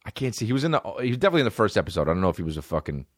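In this casual comedic monologue, a young podcast host laughs often as he spins rambling, profane stories full of fillers. He speaks rapid-fire in a fairly low voice that swings widely in pitch, captured in a dry, studio-quality recording.

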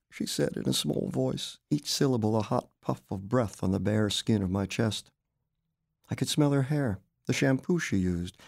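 A man narrating his own literary story aloud, expressive and wry. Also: on the low side, creaky, no echo, studio quality. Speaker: author reading his story.

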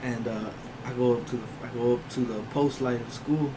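A man's voice: medium pitch, steady tone, brisk, noisy background. A young man casually telling friends a rambling story, laughing as he goes. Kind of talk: casual chat.

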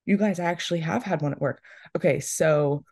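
A woman's voice: low-pitched, fairly quick, creaky, dark tone, dry recording, studio quality. A young woman in her twenties, co-hosting a podcast and telling a story in casual chat, with lots of "like"s. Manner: chatty storytelling, many "like"s. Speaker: podcast co-host.

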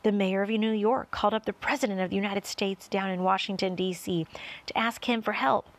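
A woman narrating a children's storybook with an expressive, varied delivery. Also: medium pitch, a little fast. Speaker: audiobook reader.

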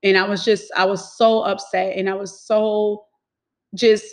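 A woman's voice: medium pitch, level tone, measured pace. A woman telling a personal story in casual talk, emphatic and swearing freely.

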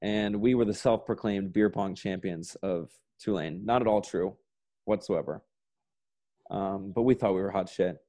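Laid-back low-voiced young man rambling. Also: mellow. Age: 20s. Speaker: podcast guest, sketch comedian. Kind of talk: casual storytelling chat.

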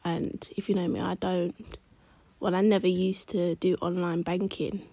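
A woman telling a personal story in a chatty, slangy vlog, often dropping into hushed asides. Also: fairly low pitch, little pitch movement, a little slow, breathy edge, no echo. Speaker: vlogger.

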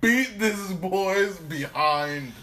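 High-voiced young man chiming in. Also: expressive, drawn-out words, pushed and bright. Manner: brief interjections, laughs often. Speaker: podcast co-host. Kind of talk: casual chat.

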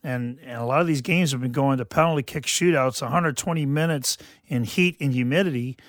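A man's voice: medium pitch, brisk, dry recording, clean studio sound. A man from southeastern Louisiana, hosting a radio sports talk show in a rambling, folksy way full of fillers and restarts. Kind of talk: casual sports commentary.

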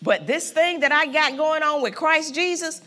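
Woman pastor, fervent sermon, high lively voice, bright tone, repeats phrases. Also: moderate pace. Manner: fervent, emphatic preaching with repetition and call-and-response.

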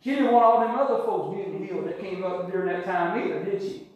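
An older preacher with a high, bright voice delivers a folksy sermon, repeating phrases and asking for amens. He sounds far from the mic, and the church rings with a heavy echo. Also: quick pace, highs cut off.

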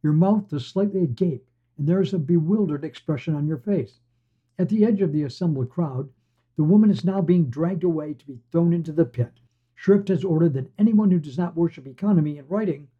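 A man hosting a podcast and reading fiction aloud in a steady storytelling voice. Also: fairly high pitch, husky. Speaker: podcast host and reader. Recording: dull lo-fi recording.

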